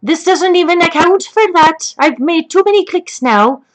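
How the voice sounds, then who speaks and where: A woman's voice: very high voice, animated, normal speed, poor audio. A woman playing a foul-mouthed elderly grandmother who rambles off topic and swears constantly. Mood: gossipy. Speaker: grandmother telling a story. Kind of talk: comedic improvised chat.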